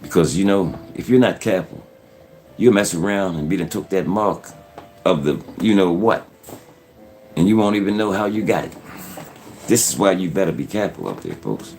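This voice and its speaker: A man's voice: low-pitched, lively intonation, moderate pace, long pauses, a little mellow. A man hosting his own channel, talking to viewers in an earnest, repetitive, preachy way. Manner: earnest, repetitive, keeps saying "folks". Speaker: YouTube channel host. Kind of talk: casual preachy commentary.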